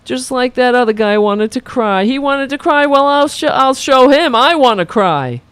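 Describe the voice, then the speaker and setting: A woman's voice: high-pitched, lively intonation, normal speed, fairly bright tone, clear, resonant tone, no room sound, voice pushed up. A woman putting on the voice of a whiny male lawyer who fakes tears, in a mocking sing-song whine.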